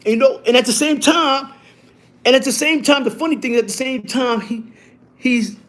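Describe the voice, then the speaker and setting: High-pitched male storyteller, loose and profane, full of restarts. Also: moderate pace. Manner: animated, profane street talk with many restarts and repeats. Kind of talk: casual storytelling to camera.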